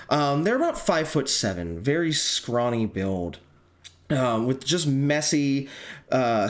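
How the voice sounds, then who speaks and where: A man narrating a tabletop game as game master, halting with frequent ums and throat clearing. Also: mid-range voice.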